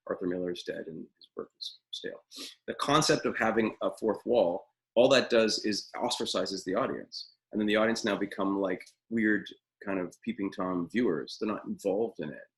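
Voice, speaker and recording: A middle-aged man with a deep, gravelly voice teaches acting in a live webinar over a webcam from a room at home. He talks in an opinionated, rambling way, full of ums and uhs. His low voice has a steady fry running through it. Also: normal speed, low-quality recording. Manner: opinionated, rambling, many fillers.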